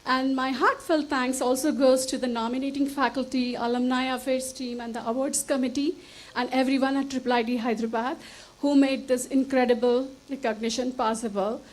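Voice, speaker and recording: A woman from India with a high, steady voice speaks a little fast, giving a formal acceptance speech into a podium mic on an auditorium stage. She's earnest, grateful, and slightly emotional; the recording is rough.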